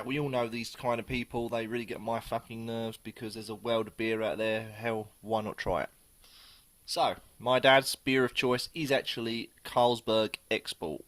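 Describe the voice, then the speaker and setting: A man's voice: lowish voice, a bit bright. A man chatting casually through a beer review on his channel, rambling, swearing and correcting himself as he goes.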